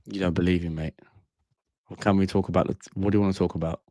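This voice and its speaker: A man's voice: deep voice, fairly even intonation, quick pace, mellow, dry recording, clean studio sound. A man hosting a casual call-in livestream, talking bluntly and tagging lines with bro and mate. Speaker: livestream host.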